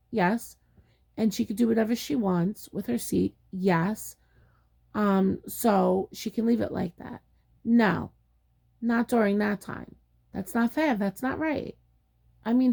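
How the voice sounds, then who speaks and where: A woman's voice: fairly high pitch, creaky, dark tone. A woman casually telling a personal story in a chatty, exasperated way, acting out what people said. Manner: chatty, exasperated retelling with acted-out quotes.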